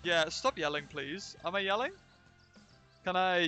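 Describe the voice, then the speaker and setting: A man with a high, bright voice talks slowly through a zoo-building game on a livestream, chatting and replying to viewers as he goes. He sounds casual and a little scattered. Faint music plays under his desk-mic voice. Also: expressive. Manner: chatty, reads and answers live chat while playing. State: recovering from illness. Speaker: let's play streamer.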